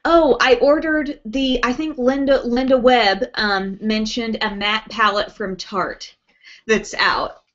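Chatty woman with a higher voice on dull audio. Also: fairly even intonation, takes it slowly, a bit bright. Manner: chatty, reads viewer comments aloud, frequent ums and laughs. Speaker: beauty live-stream host. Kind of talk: casual live-stream chat.

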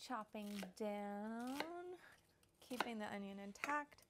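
A woman's voice: mid-range voice, measured pace, heavy background noise. A young woman hosting a casual cooking demonstration, bubbly and playful as she chops and explains. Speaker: cooking show host.

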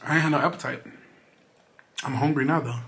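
A man's voice: on the high side, fairly quick, gravelly, a little hiss or hum. A man from Detroit, Michigan, talking candidly to camera in a casual vlog about his small business. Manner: candid and chatty, with bursts of excitement. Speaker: vlogger and small business owner.

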